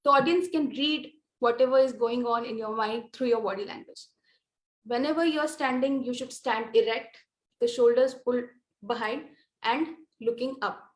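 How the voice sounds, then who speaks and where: A woman with an Indian English accent teaches presentation skills, her voice pitched high and steady. She explains step by step, pausing often with small fillers. The room around her rings with a noticeable echo. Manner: measured, explanatory with frequent fillers. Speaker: lecturer.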